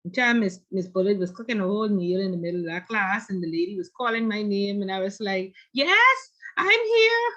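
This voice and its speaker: A woman instructor teaches an online class over a video call, chatty and teasing, slipping stories in between questions to her students. Her medium-pitched voice is steady and fast with hardly any pauses, and the audio is dull and lo-fi.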